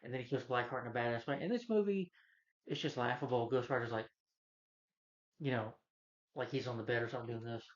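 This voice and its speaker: A man's voice: medium pitch, a little fast, long pauses, highs cut off. A man reviewing a film in a casual, rambling rant, retelling scenes loosely and filling gaps with lots of "you know" and "uh". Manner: loose, meandering retelling with many fillers.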